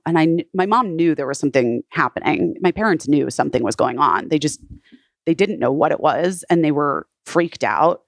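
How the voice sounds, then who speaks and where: Low-pitched woman, podcast guest, chatty storytelling full of "like", dry close sound. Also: no echo. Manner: frequent "like" fillers, retells others' words. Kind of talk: casual personal storytelling.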